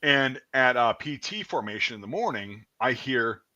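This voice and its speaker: A man tells a story as a podcast host in loose, casual talk, swearing freely. His pitch swings widely as he acts out the people he quotes. The voice sits in a middle register. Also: moderate pace, dull audio. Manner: profane, animated, acts out quotes.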